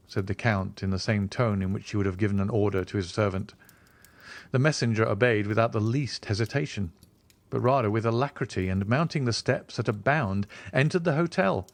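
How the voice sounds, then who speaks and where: A man narrating a classic novel as an audiobook in scripted literary narration, recorded on a close studio mic with an expressive, steady storytelling manner. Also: on the low side, brisk, dry recording.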